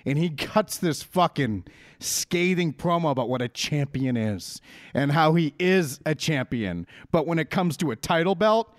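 Loud mouthed dude ranting w lots of swearing, high pitched, bouncy, super dry. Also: male voice, lively intonation, normal speed, no echo. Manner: brash, profane, ranting. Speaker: podcast co-host. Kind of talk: casual profane wrestling chat.

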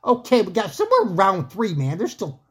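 A woman doing joking amateur play-by-play commentary on a fight, rambling, excitable and whooping. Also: mid-range voice, moderate pace, breathy edge. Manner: rambling, excitable, whooping and laughing at her own jokes.

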